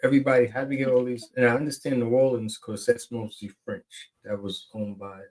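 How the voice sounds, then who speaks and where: A man's voice: mid-range voice, flat delivery, brisk, a little mellow, poor audio. A man co-hosting a podcast, rambling and teasing in casual chat. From New York. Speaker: podcast co-host.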